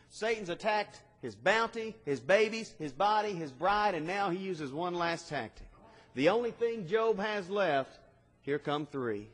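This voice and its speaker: Preacher guy, kinda high voice, big echo tail from the hall, gets loud then drops quiet. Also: expressive, unhurried. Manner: dynamic preaching with swings in loudness. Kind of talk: sermon. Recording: long hall reverb.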